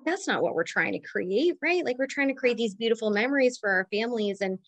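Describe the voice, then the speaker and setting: A woman's voice: a little high, expressive, brisk, a bit bright, dry recording. A woman business owner and mom sharing an effusive, heartfelt testimonial in casual chat. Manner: effusive, chatty, emotional. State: close to tears. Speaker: mastermind member and business owner.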